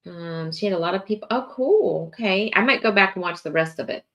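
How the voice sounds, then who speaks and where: Hosting her morning livestream, a tired woman chats casually with viewers in a fairly low voice that's steady in tone yet pushed and bright. Her talk is chatty and drawn-out, with lots of fillers and yawning.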